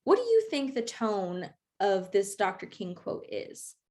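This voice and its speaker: A woman's voice: mid-range voice, wildly swooping pitch, a little slow, a little mellow. A young woman teaching an online class, encouraging and checking in often with her students. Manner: encouraging, checks in with frequent okays.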